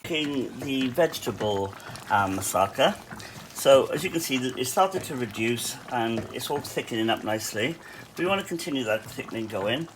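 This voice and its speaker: A man's voice: mid-range voice, animated, moderate pace, background noise. A man with a Welsh accent who cooks at a cafe, talking through a recipe in his home kitchen in a chatty way, with fillers and asides. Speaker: cafe cook hosting a cooking tutorial. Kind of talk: casual cooking demonstration.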